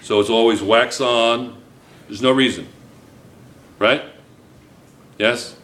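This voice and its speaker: A man teaching a chemistry class, lecturing with lots of quick checks on whether students follow. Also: medium pitch, roomy sound. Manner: lively, keeps checking students with "yes or no?".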